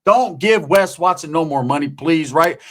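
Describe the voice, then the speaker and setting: A man with a somewhat high voice rants and tells stories in loose street slang. He swears constantly as he comments on a video. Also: moderate pace. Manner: profane, streetwise storytelling with slang. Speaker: commentary YouTuber. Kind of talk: casual commentary rant. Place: home.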